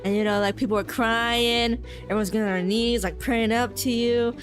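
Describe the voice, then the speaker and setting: A woman's voice: on the high side, fairly even intonation, moderate pace. A woman narrates a tabletop adventure as game master. She giggles often and strings her scenes together with lots of fillers, over faint background music.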